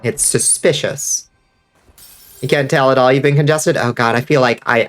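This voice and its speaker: A man with a congested, stuffy voice giving casual, excitable commentary while playing a game and reading chat. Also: medium pitch, moderate pace, soft background music. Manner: excitable, swears freely, reads out chat. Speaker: streamer.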